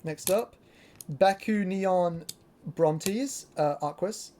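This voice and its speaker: A young adult from Britain, a toy collector chatting casually through a show-and-tell, excitable and rambling with lots of fillers. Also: medium pitch, extremely slow, a little hiss or hum.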